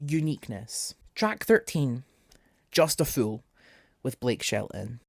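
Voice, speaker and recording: A young man reviews an album in a casual vlog, his gravelly, medium-pitched voice slow and sing-song. He sounds sarcastic and exasperated, tossing in jokey asides.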